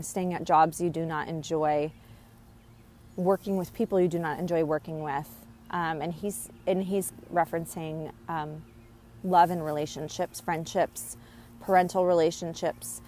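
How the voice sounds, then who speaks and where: A woman speaks in a loose, rambling way as she passes on a spirit's words. Her voice sits a little low, and her talk is full of fillers, restarts and bursts of giggles. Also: steady tone, normal speed, warm tone, a little hiss or hum. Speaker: spirit medium relaying messages. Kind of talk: casual channeling monologue.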